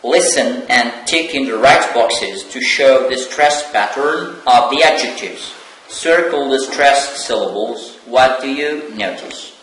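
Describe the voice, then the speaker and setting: Slow, deliberate Algerian-accented male teacher. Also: medium pitch, fairly bright tone, roomy sound, low-quality recording. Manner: slow, deliberate, spelling out sounds with many pauses. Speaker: English teacher. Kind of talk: slow televised classroom lesson.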